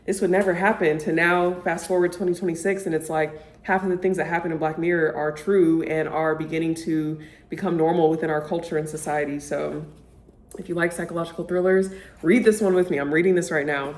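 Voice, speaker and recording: A woman's voice: sits low, fairly even intonation, fairly quick, a little mellow. A young woman vlogger chatting casually about books she loves, gushing and peppering her talk with "like". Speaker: book vlogger. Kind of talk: casual chat to camera. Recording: echoey room.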